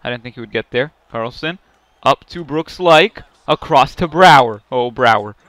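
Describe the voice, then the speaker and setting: A man commentating his own hockey video game, muttering play-by-play and then yelling at big plays. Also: mid-range voice, normal speed, no room sound. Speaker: gaming YouTuber. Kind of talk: excited play-by-play gameplay commentary.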